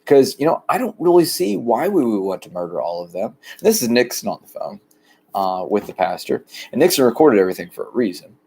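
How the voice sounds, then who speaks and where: A man from the rural United States, talking in a rambling, plain, deliberately low-key monologue outdoors by a shed. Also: big pitch swings, warm tone, breathy edge. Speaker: vlogger.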